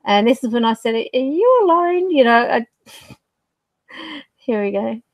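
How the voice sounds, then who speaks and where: A woman talks casually to her viewers as a psychic medium, often losing her thread and groping for words. Her voice sits a little high and comes across dry and close on a desk mic. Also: a little slow, dry recording. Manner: rambling, searching for words, fillers and laughs. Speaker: psychic medium and channel host. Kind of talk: casual talk to camera.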